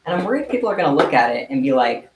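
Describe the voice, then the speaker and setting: Chatty low-voiced woman streaming from home. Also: very animated, rapid-fire, heavy background noise. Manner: chatty, meows at her cat. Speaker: streamer making kandi bracelets. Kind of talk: casual livestream chat. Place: home room. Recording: echoey room, faint ambience.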